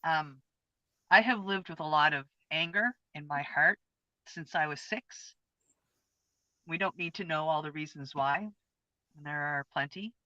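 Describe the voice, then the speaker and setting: A woman's voice: low voice, unhurried, pauses often, sharp tone, dry recording. A woman in her fifties co-hosting a casual chat, telling a personal experience in an earnest, open, heartfelt way. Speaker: co-host. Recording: dull lo-fi, dry sound.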